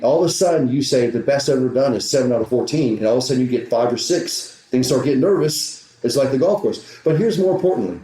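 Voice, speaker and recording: A man's voice: mid-range voice, warm tone. A man who is a golf teaching professional, telling a story in a podcast interview and acting out the back-and-forth dialogue. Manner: retells conversations with quick back-and-forth dialogue. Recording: roomy echo.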